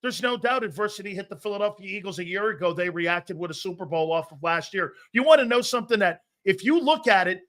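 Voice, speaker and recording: A man's voice: high-pitched, expressive, quick pace, hardly any pauses, fairly bright tone. A man ranting in a heated, profane sports commentary, emphatic and fired up.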